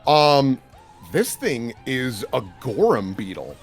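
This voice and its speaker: Lively man running a tabletop game. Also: mid-range voice, soft background music. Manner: lively, laughing, quick asides. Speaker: game master.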